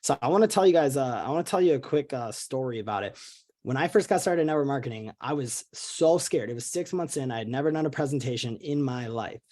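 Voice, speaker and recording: A young man leads a sales team call with upbeat, earnest energy. He talks in a casual, pushy way, often restarting his sentences and leaning on fillers like "you know". His voice sits at an ordinary middle pitch for a man. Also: a little mellow. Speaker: network marketing leader. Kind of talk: motivational training call.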